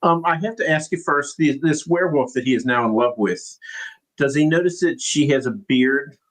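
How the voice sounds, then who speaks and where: A man's voice: a little high, moderate pace, poor audio. A man narrating as game master in a casual, hesitant way with many fillers.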